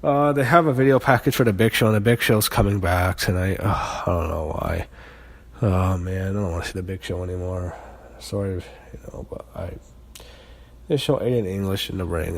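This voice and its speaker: A young man talks through a wrestling show in a loose, rambling way, full of fillers and false starts. His voice sits a little low, and he swears when he is annoyed. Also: normal speed, vocal fry. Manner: rambling, frequent fillers and restarts, frustrated swearing. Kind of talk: casual spoken review.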